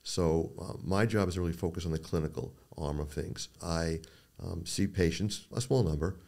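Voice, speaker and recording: An older man with a very low, gravelly voice talks through his career as a guest on a podcast. He tells stories at an easy pace and slips into quick impressions of the people he quotes. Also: darkish tone. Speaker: neuro-oncologist guest. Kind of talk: podcast interview.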